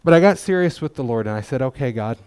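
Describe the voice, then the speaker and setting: A man's voice: a little high, expressive, rapid-fire, darkish tone, clear, resonant tone, dry recording. A middle-aged man giving a testimony in church, talking in a folksy, conversational way with self-deprecating humor. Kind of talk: sermon testimony.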